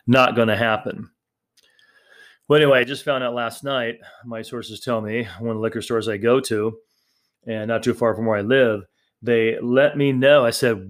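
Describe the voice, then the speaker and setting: A man's voice: fairly low pitch, fairly even intonation, moderate pace. A man hosting a podcast on his own, talking in a rambling, chatty way with lots of fillers and restarts. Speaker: podcast host. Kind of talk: casual solo podcast talk.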